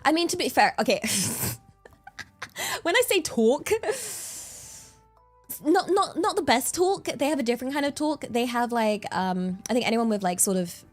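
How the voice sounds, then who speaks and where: A woman's voice: a little high, animated, normal speed, long pauses, soft background music. A young woman streaming from her desk microphone, chatting casually in a rambling way and laughing often. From England. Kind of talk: casual chat.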